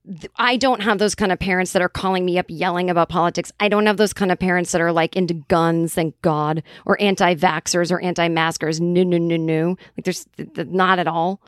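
A woman's voice: on the low side, fairly even intonation, brisk, no echo, studio quality. A woman comedian from the Boston area, telling a rambling, profane story in casual chat with lots of quoted voices. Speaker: comedian and writer.

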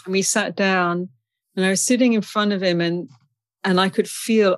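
A woman's voice: medium pitch, fairly even intonation, moderate pace, no room sound. A woman from England, a guest in an interview, telling stories in a chatty, anecdotal way and laughing often. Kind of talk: storytelling in a conversation.

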